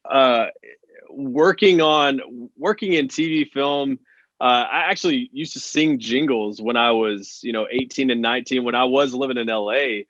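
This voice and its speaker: A man's voice: mid-range voice, normal speed, fairly bright tone, dry recording. Country singer guy from texas, earnest, lots of you knows, kinda muffled dry audio. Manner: earnest, many "you know" fillers. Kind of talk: casual interview chat.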